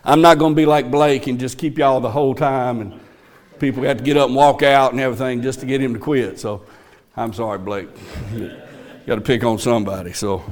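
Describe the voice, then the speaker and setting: A man's voice: mid-range voice, fairly even intonation, brisk. A man preaching a sermon, moving from folksy asides to emphatic proclamation. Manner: folksy, teasing a colleague.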